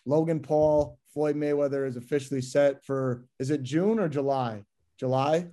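A man's voice: a little high, moderate pace. A man co-hosting a sports podcast in a casual, joking chat, steering the segments. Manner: animated, joking, wraps up segments. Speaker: podcast co-host.

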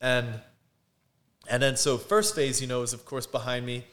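An animated man tells a story in a loose, conversational way. He acts out what people said and keeps breaking into laughs. His pitch sits in a middle range. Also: moderate pace. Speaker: guest. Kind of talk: casual storytelling.

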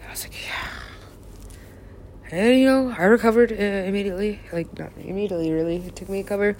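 A woman's voice: medium pitch, fairly quick, darkish tone, a little hiss or hum. A woman recording herself in a rambling solo monologue, talking to herself and swearing casually. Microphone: self-recorded.

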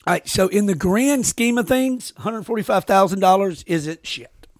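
A man's voice: high voice, animated, moderate pace, no room sound, clean studio sound. A man hosting a podcast, telling rambling, profane stories with lots of restarts. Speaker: podcast host. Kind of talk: casual podcast chat.

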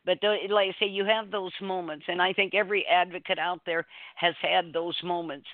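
A woman's voice: on the low side, little pitch movement, a little fast, no echo. A woman co-hosting a talk radio show, telling a story in an earnest, rambling way with many restarts. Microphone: phone call. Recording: dry, tinny phone line.

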